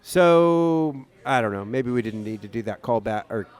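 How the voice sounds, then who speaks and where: A man's voice: medium pitch, lively intonation, moderate pace, darkish tone, clear, resonant tone. A man co-hosting a podcast, chatting casually over beers, rambling with many fillers and restarts. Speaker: podcast co-host.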